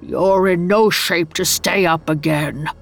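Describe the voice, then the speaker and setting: A woman voicing an anxious old male advisor, lowering her voice into a gruff tone. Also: slow pace, faint music behind, exaggerated voice. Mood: cautious.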